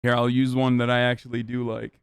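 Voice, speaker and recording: A man's voice: mid-range voice, monotone, fairly quick, clean tone, no room sound. Blunt, profane man ranting on stream. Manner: blunt, profane, opinionated rant. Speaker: streamer reacting to videos. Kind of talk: casual livestream commentary.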